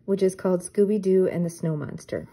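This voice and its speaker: An older woman reads a children's book aloud, gentle and unhurried. Her voice is low-pitched, mellow and dark, with a breathy, husky edge. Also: poor audio. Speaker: teacher reading aloud. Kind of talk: storybook read-aloud.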